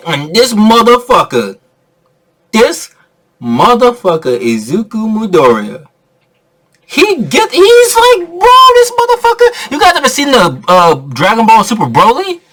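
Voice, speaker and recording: A man giving a casual, excitable movie review rant, laughing often and swearing freely. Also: high voice, a little slow.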